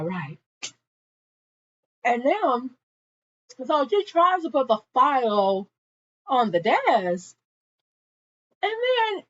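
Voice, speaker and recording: A woman's voice: sits high, fairly bright tone, dull audio. A young woman casually recapping a TV episode in a gossipy way, with frequent asides to her viewers. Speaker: TV show reviewer.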